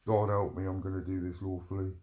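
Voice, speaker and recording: Middle-aged guy going off on a sweary rant, lowish voice, keeps repeating himself. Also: little pitch movement, fast talker, mellow, highs cut off. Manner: heated, profane, repetitive. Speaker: vlogger. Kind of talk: angry ranting monologue.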